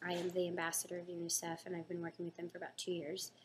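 A young woman hosts a casual live fan Q&A, reading each question aloud before answering it in a chatty, upbeat way. Her voice sits a little low for a woman. A faint hum of background noise sits under the live-stream mic. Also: monotone, racing. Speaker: host of a live fan chat.

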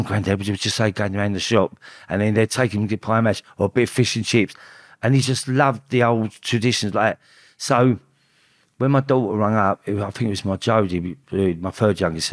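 A middle-aged man, a podcast guest telling a personal story in a halting way, full of restarts and repeated words. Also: lowish voice, no echo, studio quality.

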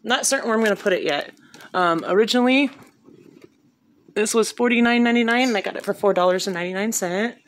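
A woman's voice: mid-range voice, quick pace. Chatty woman showing a haul. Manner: chatty, upbeat, reads off prices. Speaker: vlogger showing a shopping haul. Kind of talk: casual haul video chat. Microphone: handheld phone.

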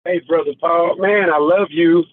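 A man calling in to an online fellowship and giving an earnest, halting testimony, getting emotional and near tears. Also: on the high side, fairly even intonation, a little hiss or hum. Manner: earnest, halting, with many fillers and repeats. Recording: tinny phone line.

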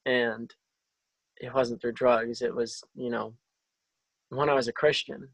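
Halting young man, flat dry delivery. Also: mid-range voice, dry recording, rough recording. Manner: halting, with frequent restarts and fillers. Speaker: testimony speaker. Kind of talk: personal faith testimony. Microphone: video call.

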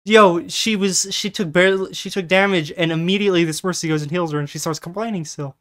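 A streamer reacting to a game clip in disbelief, dropping curses and rapid-fire asides. The speech swings between fast rants and trailing mutters. The voice is casual and unpolished. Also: medium pitch, fairly even intonation, background noise. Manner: incredulous, swears often, quick bursts. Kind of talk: reaction commentary.

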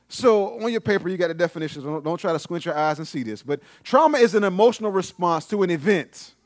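Animated, high-pitched male preacher. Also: dry recording, studio quality. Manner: animated, emphatic preaching with repeated phrases. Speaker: pastor. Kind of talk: sermon. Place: church sanctuary.

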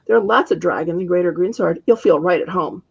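A woman reading aloud, voicing a younger witch who is loud, chatty and gushing. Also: lowish voice, brisk, vocal fry, breathy edge, dull audio.

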